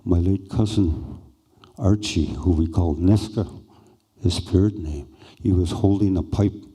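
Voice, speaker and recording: An older man slowly and haltingly recounting a personal experience as a speaker at a conference. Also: deep voice, warm tone, breathy edge. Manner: slow, halting, reflective. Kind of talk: personal storytelling.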